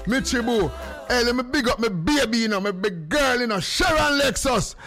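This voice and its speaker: A Jamaican man talks live from his home studio in a high, bright voice. He is animated and playful, joking with his audience and calling out to viewers by name. His speech rolls along in casual, teasing banter. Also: fairly quick, faint music behind. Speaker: livestream host.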